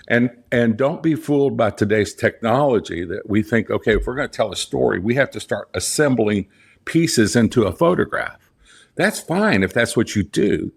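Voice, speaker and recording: Gravelly low-voiced Southern man. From Southern United States. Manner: earnest and emphatic, repeats key phrases, frequent restarts. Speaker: guest, portrait photographer and studio owner. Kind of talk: conversational interview storytelling. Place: his own photography studio room.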